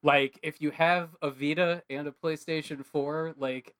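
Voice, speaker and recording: A man co-hosting a podcast in casual chat, rambling and animated, with heavy filler words. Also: fairly high pitch, a little slow, smooth. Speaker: podcast co-host.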